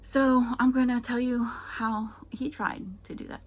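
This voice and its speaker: A woman's voice: fairly high pitch, little pitch movement, measured pace. A woman performing a stand-up comedy set, talking in a hesitant way full of ums before landing dry punchlines. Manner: hesitant, filler-heavy delivery with dry punchlines.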